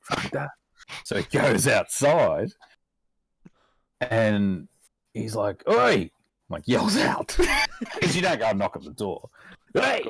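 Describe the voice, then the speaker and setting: A man's voice: on the low side, big pitch swings, takes it slowly, pauses often, breathy edge, no echo. An Australian man telling a story in casual podcast chat, laid-back and rambling, swearing constantly. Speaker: podcast guest.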